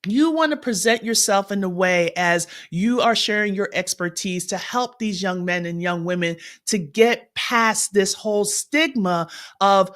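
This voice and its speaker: A woman's voice: medium pitch, normal speed. A woman math tutor hosting a casual livestream, chatting in an upbeat way, greeting viewers and laughing often.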